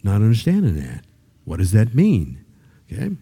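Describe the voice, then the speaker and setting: Older preacher with a mellow voice. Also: male voice, wildly swooping pitch, normal speed, pauses often, breathy edge. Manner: conversational preaching that rises to emphatic high-pitched peaks; repeats words when starting sentences. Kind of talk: sermon.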